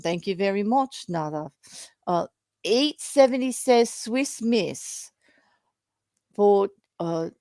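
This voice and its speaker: A woman's voice: mid-range voice, a little mellow, no echo, studio quality. A woman with a South African accent, co-hosting a live stream and reading out donor messages with easy laughter. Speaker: co-host reading donations. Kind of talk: casual live-stream chat.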